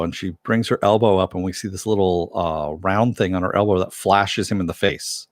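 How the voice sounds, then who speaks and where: A man's voice: low-pitched, steady tone, moderate pace, dry recording, clean studio sound. A man casually recapping a TV episode, rambling with many fillers and self-corrections. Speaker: TV show reviewer.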